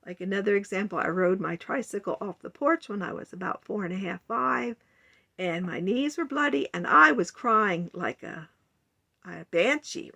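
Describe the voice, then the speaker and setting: A woman's voice: medium pitch, animated, moderate pace, gravelly, pushed and bright. A woman in her sixties talking earnestly in a rambling, heartfelt personal vlog monologue. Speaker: vlogger.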